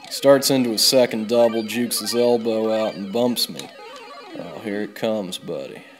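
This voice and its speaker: A man hosting a video game let's play, telling a rambling comic bar story in a deadpan drawl with plenty of swearing. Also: fairly low pitch, normal speed, faint music behind. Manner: deadpan drawl, swears freely, loud bursts on quoted yells. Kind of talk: comic rambling tall tale over gameplay.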